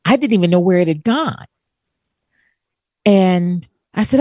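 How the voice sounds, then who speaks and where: A woman co-hosting a talk show, telling a heartfelt personal story and quoting others in soft voices. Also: lowish voice, very animated, unhurried, husky, no room sound. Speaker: co-host. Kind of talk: emotional personal story, casual chat.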